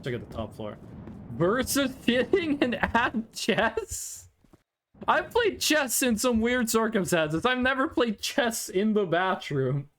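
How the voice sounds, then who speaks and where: Playful high-voiced male streamer. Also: huge pitch swings, slow, a bit bright. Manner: playful, rambling, sings snatches of songs. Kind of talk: casual live-stream gameplay chat.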